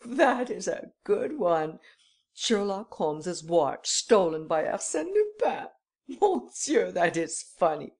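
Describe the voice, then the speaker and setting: A woman voicing an excitable Frenchman who breaks into high, gleeful outbursts. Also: slow, exaggerated voice.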